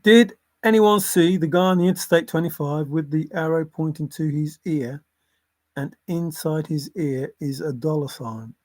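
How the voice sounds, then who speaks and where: A man's voice: a little high, normal speed, darkish tone, dry recording. A man hosting a casual livestream, rambling between topics, often chuckling and apologizing. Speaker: livestream host.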